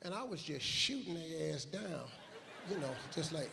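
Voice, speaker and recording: A middle-aged man doing stand-up comedy on a live stage, telling stories in a loud, profane way and often shouting. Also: fairly high pitch, very animated, normal speed, creaky, noisy background.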